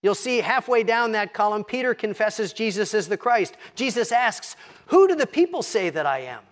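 High-voiced man preaching a sermon. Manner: expressive, slows and drops to a hush for quoted scripture. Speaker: pastor.

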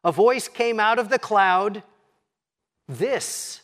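Casting note: pastor, man, higher-pitched voice, expressive sermon delivery. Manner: expressive, slows and drops to a hush for quoted scripture.

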